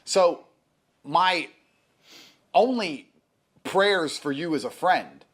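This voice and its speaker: A man's voice: fairly high pitch, expressive, very slow, fairly bright tone. A man in casual conversation, lecturing emphatically and swearing often. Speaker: guest.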